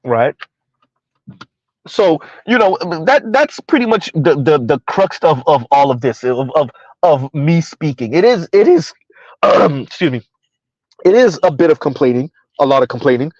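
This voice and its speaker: A man's voice: fairly high pitch, animated, a little slow, darkish tone, no room sound, highs cut off. A man in his thirties giving casual livestream commentary, rambling and repeating himself, laughing at his own jokes.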